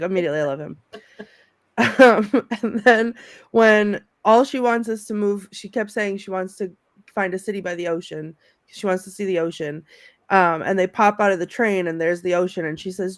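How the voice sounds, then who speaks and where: A woman co-hosting a casual film chat over a video call, lively and laughing as she acts out favorite quotes. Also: mid-range voice, moderate pace, dry recording, clean studio sound. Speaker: podcast co-host.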